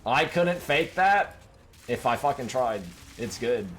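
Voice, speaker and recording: A man's voice: medium pitch, expressive, takes it slowly, a bit bright. A man streaming a game, talking casually to his chat in a rambling, profanity-laden rant that keeps circling back to one point.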